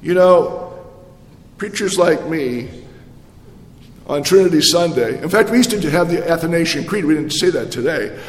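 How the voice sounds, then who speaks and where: A man's voice: a little high, animated, normal speed, long pauses. A male pastor giving a sermon in a conversational way, with rhetorical questions and many restarts. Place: church. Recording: echoey church hall with long reverb.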